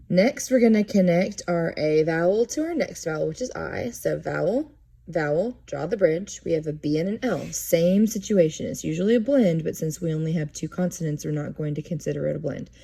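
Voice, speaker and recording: A woman teaching a classroom lesson, walking students through each step aloud in a clear, methodical way. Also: lowish voice, warm tone. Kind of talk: classroom instruction on syllabication.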